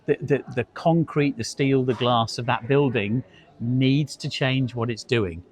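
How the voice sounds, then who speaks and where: A middle-aged man with a medium-pitched voice speaks a little slowly as co-host of a casual industry discussion. A hospitality industry expert, he tells chatty anecdotes and sometimes repeats words as he goes.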